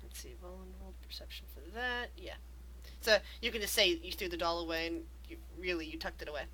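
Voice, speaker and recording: A woman's voice: fairly low pitch, fairly even intonation, fast talker, pushed and bright, a little hiss or hum, poor audio. A woman narrating a tabletop game as game master, describing scenes in an eerie storytelling way.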